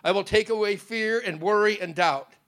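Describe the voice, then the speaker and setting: A preacher voicing Satan as a cringing, indignant fallen angel who stammers and pleads in a dramatic sermon story. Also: male voice, normal speed, fairly bright tone. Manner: pleading, stammering, shrill protest.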